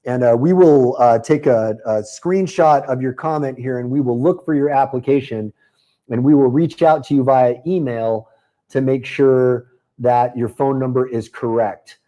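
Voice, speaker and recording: A man hosting a live webinar, pitching a marketing program in a chatty, upbeat way and answering viewers by name. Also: normal speed, mellow, highs cut off.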